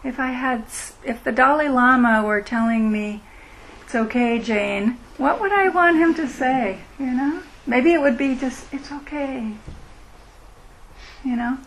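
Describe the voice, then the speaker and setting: A middle-aged woman leading a meditation retreat, speaking in a gentle, unhurried, reflective way as she answers questions. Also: high-pitched, a little hiss or hum, rough recording. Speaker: meditation teacher. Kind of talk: dharma talk with Q&A. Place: retreat meeting room.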